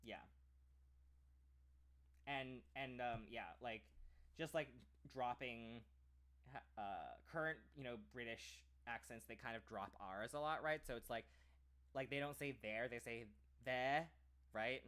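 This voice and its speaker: A man's voice: medium pitch, unhurried, pauses often, sharp tone. An American man talking in a casual, rambling way, with many "like"s and restarted phrases. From United States. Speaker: streamer.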